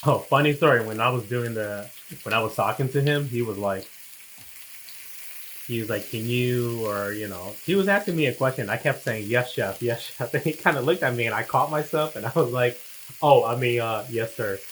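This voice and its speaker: A man in a relaxed chat, telling a long personal story in loose, slangy talk. His pitch sits in the middle of the range. He acts out what he and other people said as he goes, over a faint hiss of background noise. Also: brisk, poor audio. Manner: laid-back slangy storytelling, quoting himself and others.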